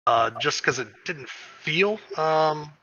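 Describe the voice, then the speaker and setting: A man's voice: a little high, animated, takes it slowly, a crowd in the background. A man hosting a casual interview chat, hesitant and full of filler words, laughing easily. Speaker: host. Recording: dull lo-fi stream audio.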